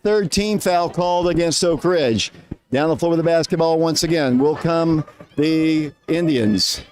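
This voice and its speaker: Male radio play-by-play caller, high voice, winded, excitable on big plays. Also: unhurried, a little hiss or hum. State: out of breath. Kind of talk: live basketball play-by-play.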